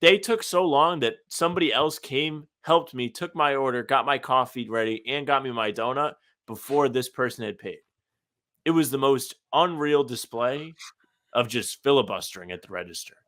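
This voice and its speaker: A man's voice: medium pitch, moderate pace, a bit bright. A man co-hosting a podcast in casual chat, telling rambling anecdotes. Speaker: podcast co-host.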